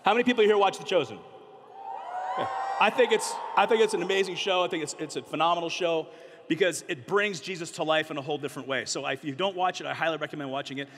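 A middle-aged man giving an animated, joking, conversational talk to a youth audience at a large conference. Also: on the high side, quick pace, slight background noise. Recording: long hall reverb.

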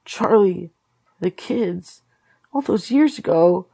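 A woman voicing a frightened teenage boy who is shaken and haunted, in a read-along storybook, talking urgently and sometimes in a hushed whisper. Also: mid-range voice, expressive, takes it slowly, gravelly, husky, no echo, exaggerated voice.

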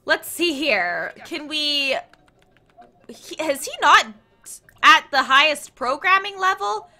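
Bright, lively young woman gaming. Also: sits high, slow. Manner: chatty and playful, talks to her game characters. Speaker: let's play host. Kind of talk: casual gameplay commentary.

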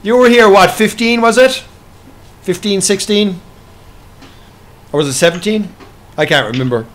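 A man's voice: high voice, normal speed, a little hiss or hum. An Irish man hosting a live farming game stream, reading out chat and slagging his friends. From Ireland. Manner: banter and slagging, reading out chat, frequent laughs. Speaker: livestream host.

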